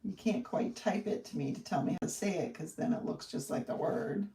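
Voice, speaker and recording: Hosting a card-making demonstration live, a woman with a lowish, warm, expressive voice speaks briskly, rambling in a friendly way and thinking aloud. The room echoes and she is set back from a distant mic.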